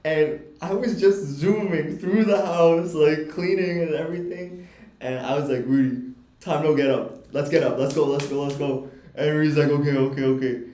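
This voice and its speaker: Young male podcast co-host, lively and foul-mouthed, slightly higher voice, echoey room. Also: moderate pace. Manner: animated, profane, laughs while telling stories. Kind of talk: casual storytelling chat.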